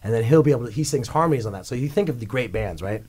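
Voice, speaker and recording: A man, a rock singer, telling stories as a guest in a radio studio, rambling and excitable as he acts out what others said. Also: medium pitch, rapid-fire, husky. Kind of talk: casual storytelling interview.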